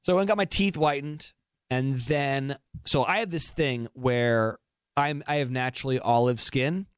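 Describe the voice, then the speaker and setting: A young man co-hosting a podcast, telling a funny story in casual chat with animated, laughing delivery. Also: mid-range voice, moderate pace, clear, resonant tone, no room sound, studio quality. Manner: animated, laughing storyteller who acts out quotes. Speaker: podcast co-host.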